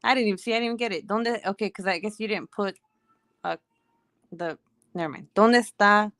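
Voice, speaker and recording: A woman's voice: mid-range voice, fairly even intonation, a little fast, fairly bright tone, no echo. A woman in her thirties whose first language is Spanish, speaking English with a Mexican Spanish accent, chatting casually with her stream viewers, rambling, laughing often and swearing freely. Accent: Mexican Spanish-influenced American English. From United States.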